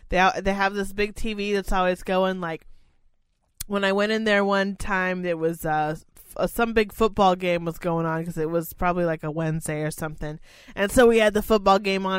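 A woman's voice: lowish voice, smooth, dry recording. Profane rambling woman telling a story. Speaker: podcast co-host. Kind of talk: casual chat.

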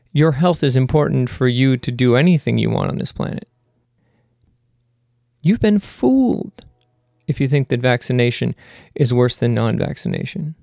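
A man's voice: medium pitch, creaky, darkish tone, no room sound, studio quality. A man hosting a casual monologue. He rambles with self-mocking jokes and then turns earnest and pleading. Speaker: host.

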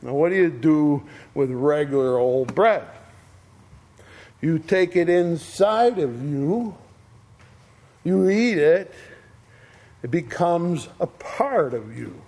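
A man preaching a sermon, slow and deliberate, with long pauses between short phrases. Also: on the high side, lively intonation, a little mellow.

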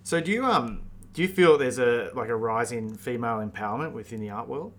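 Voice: medium pitch, expressive, brisk, a little hiss or hum. An interviewer asking short, casual questions and adding brief, agreeable replies.

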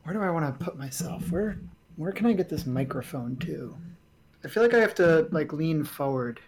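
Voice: medium pitch, lively intonation, normal speed, slight background noise. A podcast co-host chatting casually about video games with dry, teasing remarks. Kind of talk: casual chat.

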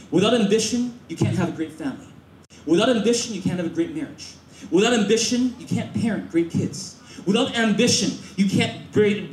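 A male pastor with a high-pitched voice, preaching in an energetic, repetitive call-and-response style. He slips in Mandarin phrases now and then. The sound carries the strong echo of a church auditorium. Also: a little hiss or hum. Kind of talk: sermon.

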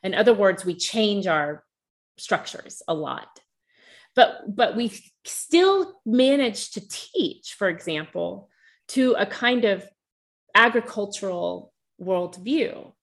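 A woman's voice: medium pitch, takes it slowly. A woman from the United States speaking animatedly and thoughtfully in a reflective conversation. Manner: animated, thoughtful, acts out quoted voices.

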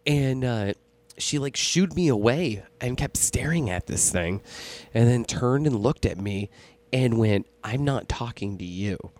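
A man's voice: mid-range voice, a little slow. Profane man telling a spooky story. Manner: profane, animated storytelling, laughs often. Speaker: podcast co-host. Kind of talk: casual chat, storytelling.

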